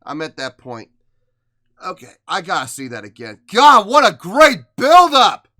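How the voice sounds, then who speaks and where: A man hosting a music reaction video, emotional and excitable, moving between hushed awe and loud outbursts. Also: sits high, a little slow, no echo. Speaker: reaction channel host.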